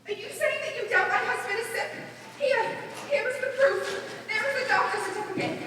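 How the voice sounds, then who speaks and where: A young woman playing a shrill, frantic petitioner. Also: a little fast, a bit bright, slight background noise. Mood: pleading. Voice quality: shrill, melodramatic, wailing. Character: frantic, pleading, self-pitying woman petitioner. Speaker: student actor. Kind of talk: stage play acting. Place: school auditorium stage. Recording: echoey hall from far off.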